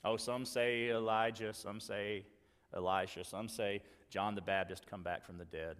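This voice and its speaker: A man preaching a sermon, earnestly acting out the dialogue he quotes and moving between loud emphasis and quiet asides. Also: lowish voice, steady tone, measured pace, clean tone, big-room sound. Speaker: pastor.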